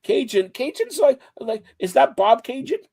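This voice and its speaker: A man's voice: very high-pitched, normal speed, creaky, husky. A man hosting a casual sports chat show, teasing his co-hosts and talking over them. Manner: teasing, talks over others, animated.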